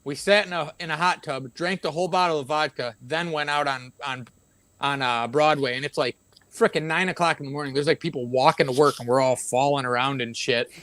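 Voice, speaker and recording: Animated, swearing man telling stories. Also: a little high, fairly quick, no room sound. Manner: animated, profane storyteller acting out quotes. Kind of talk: casual chat, anecdote telling.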